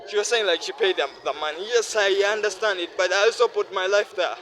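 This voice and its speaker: A man's voice: high-pitched, quick pace, few pauses, a bit bright, rough recording. A weary young man pouring out his feelings in a heartfelt, repetitive personal vlog monologue. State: weary, worn down. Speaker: vlogger.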